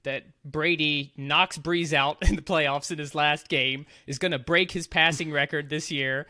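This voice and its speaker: Man, podcast host, enthusiastic, bright forceful voice, dry close sound. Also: on the high side, steady tone, unhurried, no room sound. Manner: enthusiastic, argues his picks with laughs. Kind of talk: casual sports podcast chat.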